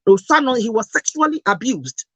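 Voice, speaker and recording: A woman's voice: a little high, big pitch swings, brisk, breathy edge, no echo. Emotional Ghanaian woman, scolding. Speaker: host. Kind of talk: impassioned talk, mixing Twi and English.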